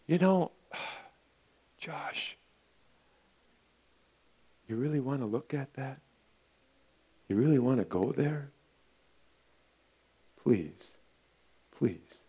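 A male preacher voicing the Holy Spirit as a soft, gentle, tender figure, speaking quietly. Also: mid-range voice, lively intonation, drawn-out words, pauses often, breathy edge, exaggerated voice. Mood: pleading. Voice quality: hushed, soft.

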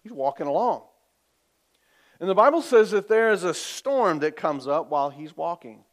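A man preaching a sermon as pastor, telling the story vividly, asking for amens and dropping from loud to hushed. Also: on the high side, moderate pace. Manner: lively storytelling, swings between loud and hushed; asks the congregation for amens.

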